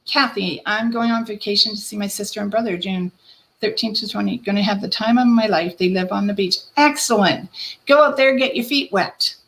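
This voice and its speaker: A woman hosting a live-stream card reading as a psychic medium, addressing viewers by name in a gentle, reassuring way. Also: medium pitch, poor audio.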